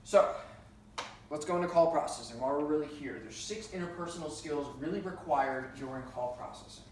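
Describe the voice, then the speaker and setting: In a classroom for emergency dispatchers, a trainer with a fairly high voice talks briskly and casually, peppering his lecture with fillers and stories from his own experience. The audio carries heavy room echo, a far-off mic and a faint hiss.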